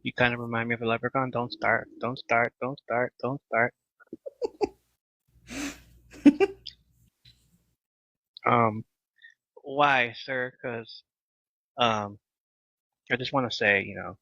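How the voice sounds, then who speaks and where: A man hosting a casual live podcast, animated and laughing often as he chats with viewers. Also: mid-range voice, slow pace, vocal fry, long pauses, dry recording. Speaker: podcast host. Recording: slightly dull lo-fi mic.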